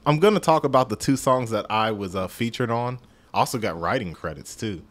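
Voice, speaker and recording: A man's voice: mid-range voice, lively intonation, brisk, fairly bright tone. A man hosting a podcast, chatting casually through a music review in a rambling, self-deprecating way and stumbling over his words. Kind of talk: casual solo review chat.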